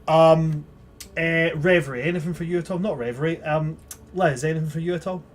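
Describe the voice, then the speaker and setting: A man's voice: fairly high pitch, steady tone, fairly quick. A man as game master, closing a tabletop livestream and plugging the socials in a chatty, upbeat way.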